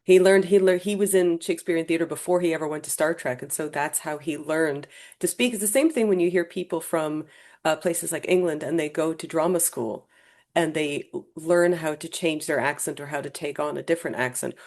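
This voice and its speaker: A woman hosting a conversational interview, telling stories in an animated, emphatic way. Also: low-pitched, fairly quick. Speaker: podcast host.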